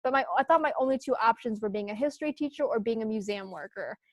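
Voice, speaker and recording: A young woman talks in a bright, chatty, upbeat way, laughing easily as she speaks. Her voice sits a little high. The recording is dry and close. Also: fast, no room sound. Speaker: guest. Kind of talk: casual podcast interview.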